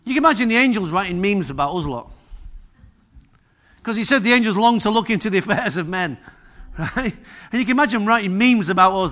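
A man's voice: sits high, expressive, fairly quick, pauses often, a bit bright. A man preaching a sermon in a humorous, chatty way, often asking the congregation questions.

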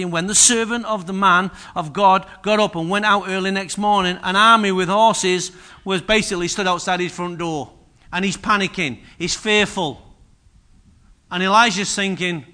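Male pastor, high voice, bright forceful tone, energetic sermon with loud bursts. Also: normal speed. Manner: energetic preaching, voices biblical figures with sudden loud rises.

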